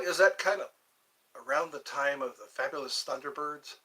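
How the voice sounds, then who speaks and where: An older man hosting a livestream, rambling casually and joking to himself in a slow, meandering way. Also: medium pitch, bright, forceful tone, rough recording. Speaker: livestream host.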